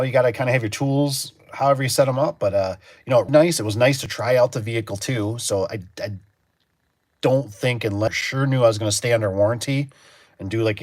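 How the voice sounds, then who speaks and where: A man's voice: mid-range voice, no echo. A man working as a garage door technician, chatting in a rambling, storytelling way on a casual livestream and acting out his own reactions.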